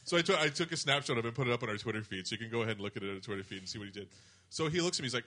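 A young man co-hosting a casual podcast, telling stories with lively acted-out quotes and frequent laughter. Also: mid-range voice, racing. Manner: animated storyteller, acts out quotes with laughter. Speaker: podcast co-host. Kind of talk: casual chat.

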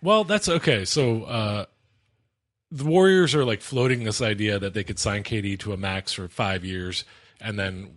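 A man's voice: on the low side, moderate pace, a bit bright. A man co-hosting a podcast, steering the basketball talk and explaining news casually. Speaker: podcast co-host. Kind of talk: casual sports chat.

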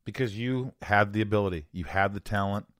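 A man hosting a casual interview, enthusiastic and quick to jump in with reactions. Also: lowish voice, no room sound, studio quality. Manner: enthusiastic, animated, jumps in with reactions. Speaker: podcast host.

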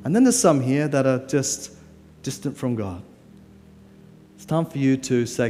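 A man delivering a guest sermon in a church, casual and emphatic, often pushing his voice high on key words. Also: lively intonation, normal speed, pauses often, warm tone. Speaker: guest preacher. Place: church hall. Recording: long church-hall reverb, faint music.

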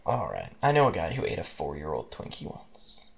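A man's voice: very deep voice, moderate pace, creaky. A man co-hosting a casual podcast, laughing often and reading an interactive story aloud. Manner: laughing, animated reader.

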